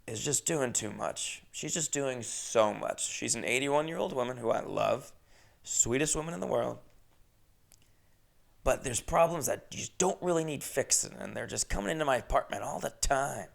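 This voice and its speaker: A young man chatting casually on his own from his apartment, rambling through anecdotes with animated jumps in volume. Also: medium pitch, gravelly. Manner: rambling, animated storytelling with sudden jumps in loudness. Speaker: comedian podcast host. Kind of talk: casual solo chat. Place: his first-floor apartment.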